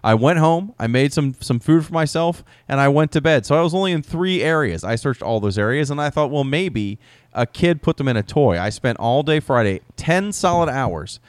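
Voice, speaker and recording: A man's voice: on the high side, lively intonation, moderate pace, dry recording, clean studio sound. A man in his thirties, co-hosting a podcast and telling anecdotes wryly with frequent laughs. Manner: wry, laughing anecdote-teller. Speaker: podcast co-host. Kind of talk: casual chat.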